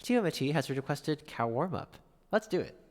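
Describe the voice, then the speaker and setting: A man's voice: fairly high pitch, sing-song, moderate pace, big-room sound. A man live-streaming a piano session, chatting casually between songs, reading out viewer chat and thanking viewers.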